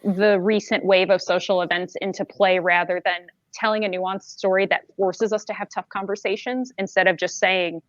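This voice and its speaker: A woman on a casual panel podcast, expressive, talking at length with asides. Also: medium pitch, no echo, lo-fi sound. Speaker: podcast host.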